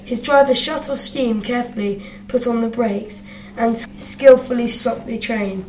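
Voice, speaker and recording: A woman reads a children's storybook aloud with expression, doing voices for the characters. Her voice sits a little high and echoes in the room. The mic is some way off, with faint ambience behind. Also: moderate pace, a little mellow, distant mic, slight background noise. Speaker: narrator.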